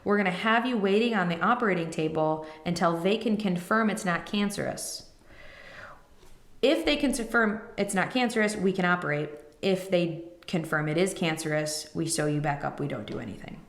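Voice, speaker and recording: A woman's voice: on the low side, brisk, few pauses, roomy sound. A woman in her thirties, a podcast host, emotionally retelling a personal story and acting out the people in it. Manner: emotional, quotes others in retelling.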